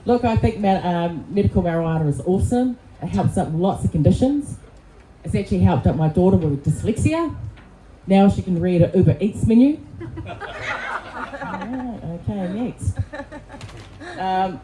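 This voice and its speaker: Deadpan Kiwi woman comic in a club. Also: medium pitch, moderate pace, long pauses. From New Zealand. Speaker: stand-up comedian. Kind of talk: stand-up set and panel chat. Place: comedy club. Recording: echoey club with background noise.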